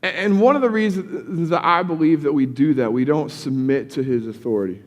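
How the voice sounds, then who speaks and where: A man's voice: fairly high pitch, brisk, in a large hall. A male pastor giving a casual, conversational sermon in a church, often repeating words as he starts sentences. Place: church sanctuary.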